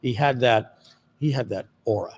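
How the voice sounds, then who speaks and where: A man hosting a casual livestream chat, telling anecdotes in an animated way and laughing often. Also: medium pitch, moderate pace, husky, in a large hall. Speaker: host.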